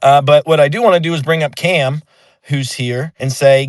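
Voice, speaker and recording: A man's voice: a little high, moderate pace, no room sound. A man hosting a casual chat, swearing freely and tagging his points with "right?". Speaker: host.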